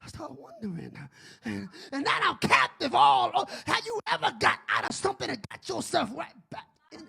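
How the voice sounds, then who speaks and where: A man preaching a sermon as a bishop, shouting and building into a singsong whoop. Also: very high voice, wildly swooping pitch, normal speed, creaky.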